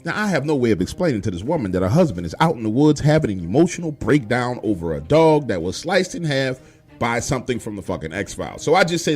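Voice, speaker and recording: A man telling a true horror story in a profane, animated, street-style way. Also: medium pitch, fast, breathy edge, soft background music.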